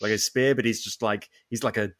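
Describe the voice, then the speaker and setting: A man hosting a podcast from home in casual chat, animated and quick to laugh. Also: lowish voice, no echo, studio quality. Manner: animated, laughs often, slips into silly character voices. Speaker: podcast host.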